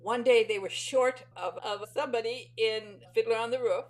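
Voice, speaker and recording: A woman's voice: fairly high pitch, moderate pace, rough recording. A middle-aged woman hosting an interview, chatty and friendly, laughing easily as she talks. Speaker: interview host. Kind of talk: casual interview chat.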